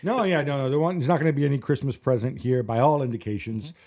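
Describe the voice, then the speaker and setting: A man hosting a football podcast in casual chat, wry and quick, with frequent fillers and restarts. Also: mid-range voice, darkish tone. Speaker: podcast host.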